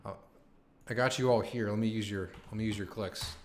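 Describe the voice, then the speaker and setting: A young man hosting a live stream, chatting casually with his viewers, excited and slangy, swearing and saying "man" and "dude" a lot. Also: fairly low pitch, a little fast, slight background noise. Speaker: livestream host.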